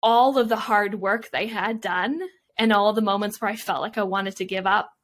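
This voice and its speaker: A woman's voice: medium pitch, fairly even intonation, moderate pace. A young adult woman, an Olympic athlete, telling an emotional, reflective story in an interview, full of fillers. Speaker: Olympian guest.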